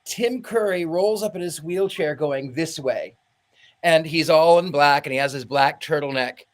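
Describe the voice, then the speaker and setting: Brief: a fairly high-voiced man, animated podcast storyteller. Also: normal speed. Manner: animated storyteller, acts out quotes. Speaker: podcast co-host. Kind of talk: casual chat.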